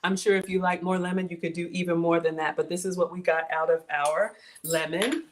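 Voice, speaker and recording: A woman's voice: fairly low pitch, steady tone, a little fast, slight background noise. A woman from Georgia hosting a live cooking stream, cheerful and explaining each step as she goes. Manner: upbeat, laughs often, explains as she cooks. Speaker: cooking show host. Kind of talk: live cooking show chat.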